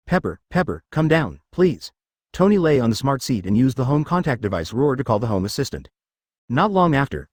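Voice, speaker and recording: A man's voice: medium pitch, darkish tone, no room sound, studio quality. A man narrating a fan story in a scripted, machine-read style.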